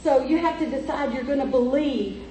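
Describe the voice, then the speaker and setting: Woman preacher, high voice, emphatic storytelling sermon, heard from a distance in an echoey church with faint noise. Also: normal speed, warm tone.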